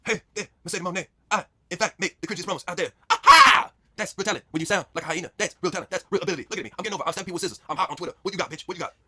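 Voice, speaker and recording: A man's voice: sits high, big pitch swings, rapid-fire, hardly any pauses, sharp tone, slightly rough, dry recording, voice pushed up, heavily acted. A man voicing a cocky male wrestler who brags and taunts with sudden squeals. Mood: taunting.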